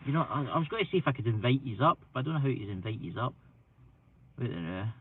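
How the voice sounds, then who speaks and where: Talking very fast in a slightly rough, medium-pitched voice, this animated Scottish man rambles self-deprecatingly on his paranormal channel's live stream. Hay fever leaves him a little stuffy, and his computer mic sounds tinny, dry and phone-like.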